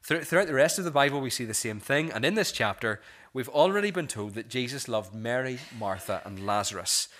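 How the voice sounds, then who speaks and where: Earnest man preaching a sermon, bright voice. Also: mid-range voice, expressive. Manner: earnest, repeats words when restarting; slows and softens on key phrases. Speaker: pastor.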